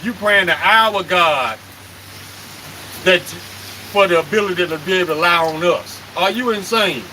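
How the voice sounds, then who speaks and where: A man preaches with heat and pushes every point home with pointed rhetorical questions. His voice sits high and rings sharp and forceful. A faint hiss runs underneath. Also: a little slow, poor audio. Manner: emphatic and confrontational, with rhetorical questions and cursing. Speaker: street preacher leading a live stream. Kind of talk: impassioned live-stream preaching.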